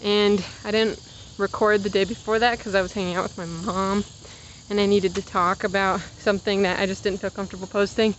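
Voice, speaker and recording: A young woman in her twenties, vlogging on an outdoor walk, rambles casually through side stories while a bit breathless from climbing uphill. She talks a little fast in a mid-range voice with little pitch movement. The audio is dull and carries a little hiss or hum.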